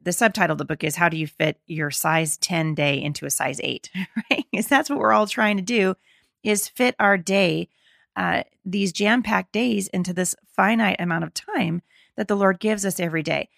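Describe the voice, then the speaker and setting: A middle-aged woman hosts a faith podcast in a gravelly, slightly hoarse voice with plenty of fry. She talks to her listeners in an earnest, encouraging, conversational way. The sound is dry and close. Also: fairly low pitch, normal speed, a bit bright, dry recording. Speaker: podcast host. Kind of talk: faith-based podcast talk.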